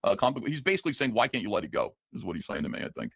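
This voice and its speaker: A man co-hosting a livestream, reading donation messages in a quick, offhand way. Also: mid-range voice, very animated, vocal fry, a bit bright, husky, dry recording, clean studio sound. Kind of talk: casual livestream chat.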